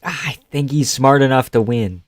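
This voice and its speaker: A man's voice: mid-range voice, moderate pace, no room sound, studio quality. A young man hosting a casual live stream, laughing often and swearing easily as he reacts to the chat.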